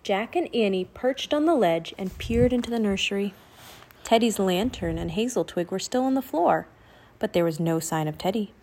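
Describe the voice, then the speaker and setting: A woman narrating a children's novel aloud in a steady, expressive storytelling manner. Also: medium pitch, moderate pace.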